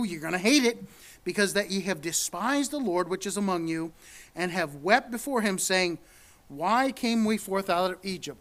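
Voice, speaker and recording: High-voiced man preaching. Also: expressive, unhurried, a bit bright. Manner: earnest, repeats words, rises for emphasis. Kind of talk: sermon with scripture reading.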